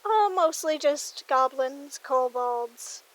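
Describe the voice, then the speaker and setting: A woman's voice: high-pitched, expressive, slow, rough recording. A woman running a tabletop role-playing game as game master, talking casually with many fillers.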